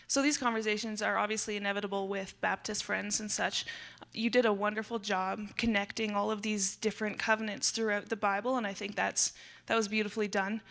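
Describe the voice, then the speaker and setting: A young woman with a bright, clear voice stands up in the audience to put a question to the speaker. She speaks politely and earnestly, with a few small hesitations. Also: mid-range voice. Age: young adult. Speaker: audience member asking a question. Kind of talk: conference Q&A.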